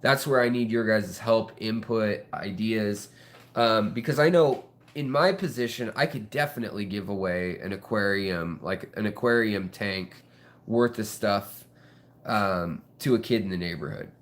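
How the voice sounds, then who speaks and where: A man with a slightly low voice talks casually to his camera about fish keeping, rambling and joking with plenty of fillers. He speaks from his home fish room beside the tanks, picked up by the camera's mic. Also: a little slow. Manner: rambling, jokey, lots of fillers. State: out of breath. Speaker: aquarium channel host.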